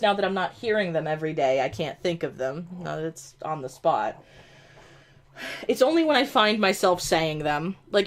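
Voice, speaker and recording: A woman with an upstate New York accent, chatting casually and ramblingly on a gaming stream. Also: deep voice. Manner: rambling, full of "like", laughs easily. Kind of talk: casual chat while gaming.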